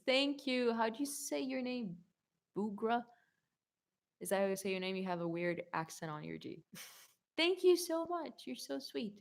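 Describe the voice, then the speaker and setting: A young woman in a casual Q&A video, reading viewer comments aloud and answering them in a chatty, rambling way, full of "like" and quick self-corrections. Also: a little high, animated, creaky. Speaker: YouTube singer answering fan questions.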